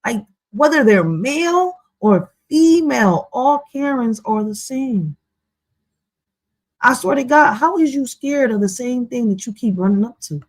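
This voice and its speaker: A woman's voice: fairly high pitch, measured pace, dry recording, low-quality recording. A woman hosting a reaction video, commenting in a casual, profane, slangy way and often saying "yo". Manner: profane, slangy, animated, frequent "yo".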